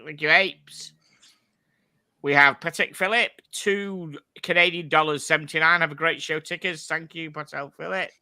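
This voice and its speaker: Bright chatty host. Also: male voice, fairly high pitch, steady tone, moderate pace, smooth, dry recording, studio quality. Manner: chatty, jokey, rambling. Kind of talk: casual live-stream chat.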